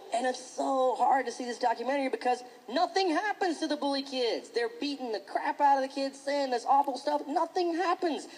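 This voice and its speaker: A male stand-up comedian works a live audience, his pitch swinging widely as he slips into mocking voices. His delivery is animated. A noisy stage recording sits around him. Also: creaky.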